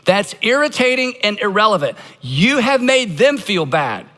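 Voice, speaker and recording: Male pastor, bright and forceful tone, live sermon in a reverberant auditorium, stage mic. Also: high-pitched, big pitch swings, moderate pace. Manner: emphatic, leads congregation in call-and-response practice.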